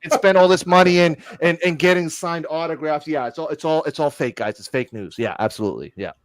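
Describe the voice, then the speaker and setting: A man co-hosting a geek podcast, telling stories in an excited, casual way and swearing freely. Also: a little high, fast talker, no echo. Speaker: podcast co-host. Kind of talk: casual chat.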